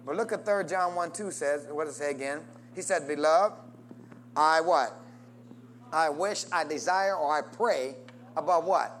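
High-voiced preacher, call and response. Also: male voice, unhurried, a little hiss or hum. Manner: call-and-response preaching with wide swings in pitch and loudness. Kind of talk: sermon.

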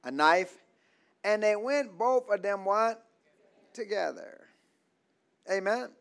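A high-voiced man preaches a call-and-response sermon to his church. He stops mid-line for the congregation to fill in the word, then repeats key phrases. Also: expressive, slow pace, a bit bright. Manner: asks the congregation to fill in words, repeats lines. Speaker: pastor.

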